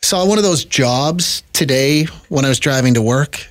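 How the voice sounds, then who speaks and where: A man's voice: medium pitch, expressive, moderate pace. A man co-hosting a podcast from a radio studio, telling rambling stories with a wry, joking manner. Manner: wry, jokey, rambling storyteller. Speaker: podcast co-host. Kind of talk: casual chat. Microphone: studio mic with headphones.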